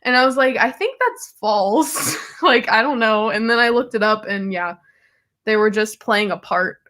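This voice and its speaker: A young woman co-hosting a casual livestream chat, telling stories in an animated, lively manner. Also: mid-range voice, moderate pace. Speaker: livestream co-host.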